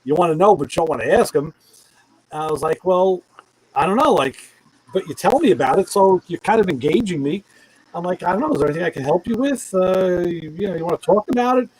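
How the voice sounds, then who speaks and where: A man's voice: high-pitched, fast talker, slightly rough, poor audio. A middle-aged man telling a long anecdote in casual chat, acting out the voices of the people in it. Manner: animated storyteller who acts out quoted voices.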